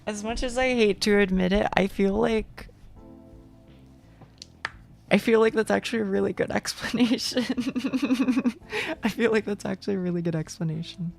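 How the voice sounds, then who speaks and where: A woman's voice: mid-range voice, normal speed, creaky, long pauses, faint music behind. A young woman streaming, chatting casually with viewers, rambling and swearing with frequent laughs.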